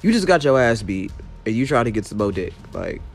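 A man's voice: on the low side, sing-song, fairly quick, gravelly, husky, faint music behind. Exasperated young man ranting a storytime. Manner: exasperated, profane, emphatic retelling. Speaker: rideshare driver. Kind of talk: storytime rant.

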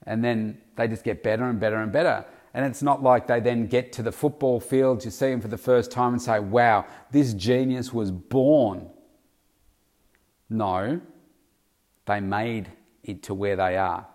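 A man's voice: steady tone, normal speed, darkish tone. A man giving a motivational self-help talk, acting out a harsh inner critic. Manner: acts out a harsh inner critic with raised pitch. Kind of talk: motivational monologue.

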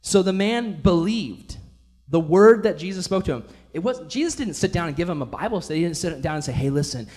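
A man's voice: high-pitched, lively intonation, fairly quick, a little mellow, soft background music. A man preaching a casual, enthusiastic sermon in a church, often saying "like" as he talks. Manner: casual, enthusiastic, many fillers like "like". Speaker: pastor.

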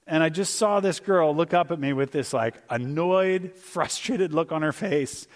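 Middle-aged man, guest pastor, relaxed storytelling sermon, voice sits on the high side. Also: measured pace. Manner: conversational and storytelling, acts out voices for humor. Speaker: guest speaker.

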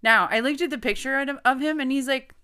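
A woman's voice: high voice, fast, bright, forceful tone, clean tone. A woman co-hosting a podcast, easygoing and chatting casually. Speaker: podcast co-host. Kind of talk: casual chat.

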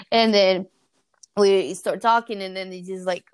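A woman's voice: mid-range voice, steady tone, moderate pace, clean tone, dry recording, studio quality. A woman in her thirties in casual chat, telling stories animatedly and acting out the voices she quotes. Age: 30s.

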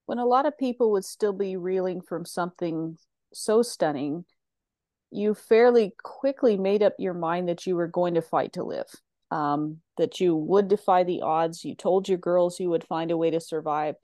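A woman hosting an interview, asking measured, thoughtful questions. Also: on the low side, dark tone, dry recording, clean studio sound. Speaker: podcast host.

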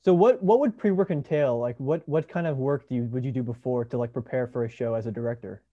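A man's voice: mid-range voice, fast. A man interviewing a theater director, asking rambling questions with many restarts. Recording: dull lo-fi recording.

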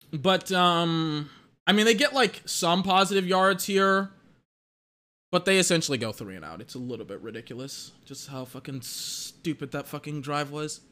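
A high-pitched man rants at the officials while giving live fan commentary on a game. He's excitable and exasperated, swearing freely and leaning on "like" as filler.

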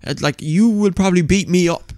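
A young man telling stories on a podcast, animated, laughing often and swearing casually. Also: high voice, fairly quick, no echo, clean studio sound. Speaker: podcast co-host. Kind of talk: casual chat.

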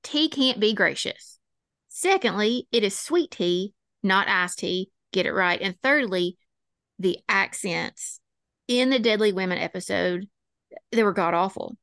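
A woman's voice: medium pitch, expressive, a bit bright, no echo, clean studio sound. A woman with a Southern American accent co-hosting a casual true-crime podcast, opinionated and sarcastic. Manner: opinionated, sarcastic, quick to laugh. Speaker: podcast co-host.

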